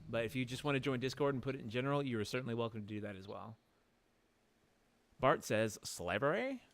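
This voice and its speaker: A man's voice: medium pitch, fairly even intonation, fast, no echo. A man streaming a game live, chatting playfully and joking with his chat.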